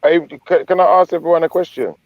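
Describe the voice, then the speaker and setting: A man's voice: a little high, quick pace, no echo, muffled recording. A man hosting a live panel stream, chatty and joking, drifting into talk about the Bible. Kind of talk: casual panel chat.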